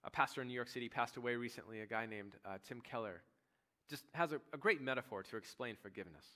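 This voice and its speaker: A man preaching a sermon as pastor, telling the story with lively retold dialogue. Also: medium pitch, fast. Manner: animated storytelling, acting out voices of biblical figures. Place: church sanctuary.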